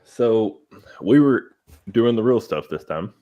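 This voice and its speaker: A man with a very low voice chatting on a podcast, unhurried and easygoing as he tells his story. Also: lively intonation, warm tone. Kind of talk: casual storytelling chat.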